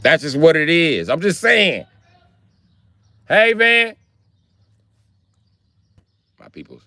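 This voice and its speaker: A man's voice: fairly high pitch, moderate pace, gravelly. A man on a live stream telling profane, slangy comedic stories in a casual rant. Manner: profane, animated, slangy storytelling.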